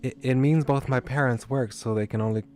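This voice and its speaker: A man's voice: mid-range voice, steady tone, brisk, darkish tone, soft background music, lightly acted. A man voicing a shy, reserved young man with an upland Southern American accent.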